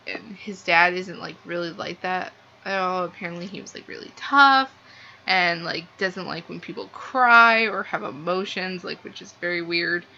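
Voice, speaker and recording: A woman's voice: on the low side, pushed and bright. A young woman casually reviewing a book, rambling and gushing with lots of "like". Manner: gushing, rambling, heavy use of "like". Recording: slightly dull lo-fi sound with faint noise.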